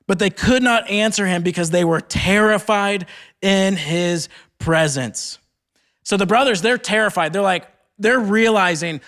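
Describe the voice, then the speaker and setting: A young man with a notably high voice giving a sermon at a retreat. He moves between reading scripture aloud and retelling the story in loose, chatty speech full of "like". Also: unhurried, fairly bright tone. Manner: casual retelling peppered with "like". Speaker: speaker at a campus ministry retreat.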